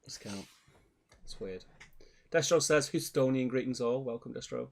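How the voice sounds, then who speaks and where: A man's voice: mid-range voice, normal speed, gravelly. A man, hosting a hobby livestream and reading out chat messages while joking with his co-host. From England. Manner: banter, reads out chat messages. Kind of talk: casual chat.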